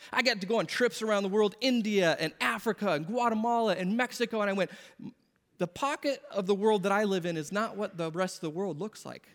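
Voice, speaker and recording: High-voiced man preaching in a reverberant church. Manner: earnest, conversational preaching with quoted asides. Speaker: pastor. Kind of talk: sermon. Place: church sanctuary.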